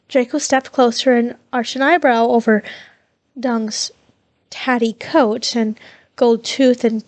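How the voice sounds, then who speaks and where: A woman reading fan fiction aloud in a steady way, with small slips that she corrects. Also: a little high, takes it slowly, dry recording.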